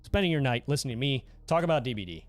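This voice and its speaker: A man's voice: medium pitch, racing. Goofy guy streaming, chatting with viewers, voice jumps all over, faint music behind. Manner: goofy, animated, reads chat aloud and laughs often. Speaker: livestream host. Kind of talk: casual livestream chat.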